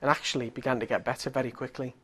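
A middle-aged man preaching, telling a healing story with animated swings from hushed tones to loud exclaiming. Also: medium pitch, racing, husky. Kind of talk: storytelling sermon.

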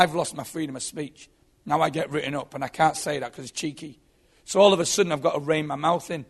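A man's voice: on the high side, vocal fry. A man telling his own story as a Christian testimony, earnest and often repeating his words. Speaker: former prisoner giving testimony.

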